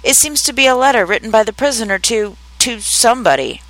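A woman's voice: a little high, big pitch swings, a bit bright, no room sound, pitched above the performer's own voice, poor audio. A woman reading aloud and voicing the White Rabbit, a fussy herald who speaks formally and in a hurry. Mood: hurried. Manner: hurried, formal.

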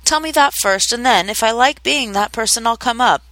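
A curious little girl, put on by a woman reader, chattering and puzzling aloud to herself in a storybook. The voice is high and bright, set close to the mic in a dry space. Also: moderate pace, no room sound, close to an everyday voice, low-quality recording. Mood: tearful.

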